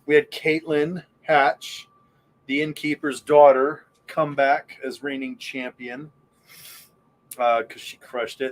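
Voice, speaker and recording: A man's voice: medium pitch, little pitch movement, slow pace. A man hosting a podcast in casual chat, rambling and enthusiastic, with lots of fillers. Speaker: podcast host.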